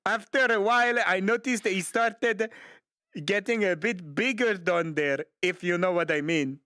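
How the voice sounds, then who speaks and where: A man hosting a show, reading a listener confession aloud for laughs in a deadpan way, with mock-Italian exclamations. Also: high voice, unhurried, no echo, studio quality. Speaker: show host.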